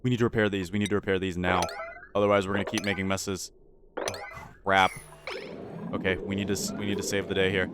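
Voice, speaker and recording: A man's voice: fairly low pitch, brisk, long pauses, background noise. Anxious man commentating his game. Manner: anxious, talks to his characters, repeats lines. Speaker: gaming YouTuber. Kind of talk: live gameplay commentary.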